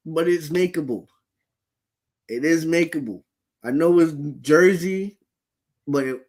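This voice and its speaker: Male co-host, slightly high voice, animated and profane, casual sports talk. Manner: animated storytelling, swears, acts out reactions.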